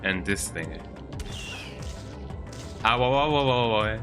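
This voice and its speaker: Male streamer, lowish bright voice, animated casual commentary, game music behind. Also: a little slow. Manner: chatty, lively, tags sentences with "eh?". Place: home, with a cat on his lap.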